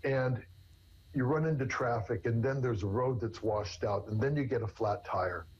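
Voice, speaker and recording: A man's voice: mid-range voice, moderate pace, highs cut off, slight background noise. A man, a therapist, explaining in conversation with everyday examples in an earnest way. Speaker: therapist guest. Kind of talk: conversational interview answers.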